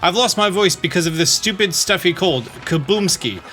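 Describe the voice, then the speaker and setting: A man's voice: high-pitched, animated, normal speed, sharp tone, soft background music. A man reading the lines of a male bomb creature with a stuffy cold, who tacks blast sounds onto his sentences. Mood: grumpy.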